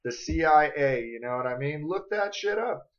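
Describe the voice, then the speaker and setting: A man's voice: a little high, lively intonation, moderate pace, highs cut off. A man ranting angrily in a political vlog, cursing and confronting his viewers directly. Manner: angry, profane, confrontational, addresses viewers directly. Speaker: vlogger.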